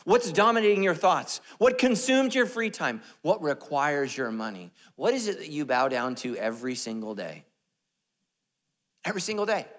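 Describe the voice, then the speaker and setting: A man preaching a sermon as pastor, animated and joking, dropping to a hush and jumping up loud. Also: a little high, big-room sound. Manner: animated, joking, swings between loud and hushed. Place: church sanctuary.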